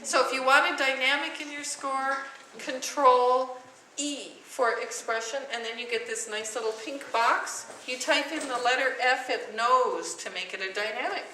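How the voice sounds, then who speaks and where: A woman's voice: high-pitched, normal speed, pushed and bright. A woman music teacher leading a class, singing note names to demonstrate and quizzing students. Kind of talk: classroom lesson with sung solfege. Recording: echoey classroom from far off, noisy.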